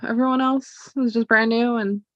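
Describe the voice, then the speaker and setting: A woman's voice: fairly high pitch, fairly even intonation, moderate pace, fairly bright tone, no echo. Chatty woman vlogger telling a story. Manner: chatty, full of "like" and quoted retellings. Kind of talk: casual storytelling. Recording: dull lo-fi audio.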